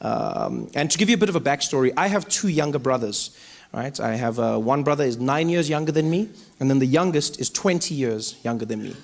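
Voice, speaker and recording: A man doing stand-up comedy, telling a story with animated delivery and acting out other people's lines. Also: mid-range voice, a little fast, gravelly. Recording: hall reverb with audience noise.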